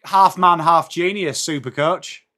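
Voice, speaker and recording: An Englishman hosts a live football watchalong stream, chatting casually, greeting viewers by name and tossing in jokey asides. His voice sits on the high side, bright and forceful, at a measured pace.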